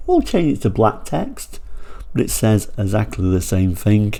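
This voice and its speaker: Male channel host, gravelly and warm, relaxed and digressive, enthusiast chatting over brochures. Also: on the low side, measured pace. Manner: chatty and rambling, digresses then pulls himself back on track. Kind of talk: casual talk-through of old car brochures.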